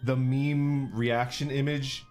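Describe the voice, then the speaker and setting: A man's voice: medium pitch, flat delivery, slow, a little mellow, soft background music. A man streaming under an orc persona, casually chatting with viewers, reading super chats, laid-back and profane, laughing often.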